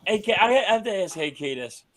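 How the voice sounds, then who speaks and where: A man co-hosting a casual sports podcast, chuckling often and asking his friends questions with halting restarts. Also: sits high, sing-song, crowd noise. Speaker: podcast co-host.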